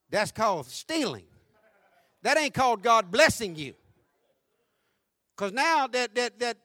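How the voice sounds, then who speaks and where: A male pastor preaching a sermon with fervor, going from hushed tones to shouting and repeating his points. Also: very high-pitched, no echo. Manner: fervent preaching, swinging from hushed to shouting, with repetition.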